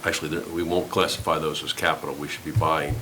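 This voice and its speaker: A man explaining budget items at a town board meeting in a measured way. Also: extremely low pitch, little pitch movement, sharp tone, slight background noise, low-quality recording.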